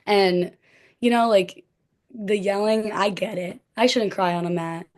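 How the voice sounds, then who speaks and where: A young woman tells her story as a podcast guest in easy, casual chat. Her voice sits at a middle pitch. She sprinkles "like" everywhere and laughs lightly between words. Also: fairly even intonation, measured pace. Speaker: podcast guest, former cheerleader.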